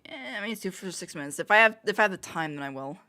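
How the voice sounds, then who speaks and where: A woman's voice: medium pitch, animated, fast, bright, forceful tone. A woman livestreaming casual chat, rambling and often laughing, with frequent self-interruptions.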